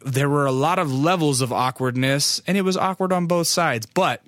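A man's voice: fairly high pitch, moderate pace, a bit bright, no room sound. A young adult man, a photographer, telling a rambling, profane story full of "like" fillers. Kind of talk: casual storytelling.

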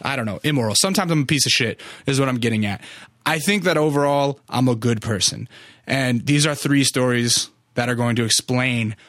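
A man's voice: medium pitch, normal speed, a bit bright, dry recording, clean studio sound. Profane rambling guy telling a story. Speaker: podcast host. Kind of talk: casual storytelling monologue.

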